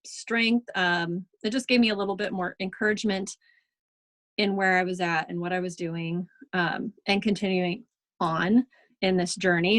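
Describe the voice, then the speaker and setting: A woman's voice: medium pitch, no echo. A woman leading a team in a casual, chatty training talk over a video call, full of ums and reassurance. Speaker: team leader in direct sales.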